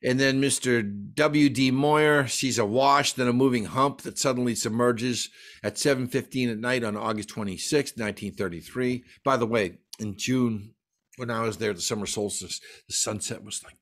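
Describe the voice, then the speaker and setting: Guy lecturing on folklore, excited, rattling off dates and old sightings one after another. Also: mid-range voice. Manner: enthusiastic, reads dates and sighting reports in quick lists. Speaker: folklorist giving a library talk. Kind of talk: lecture presentation.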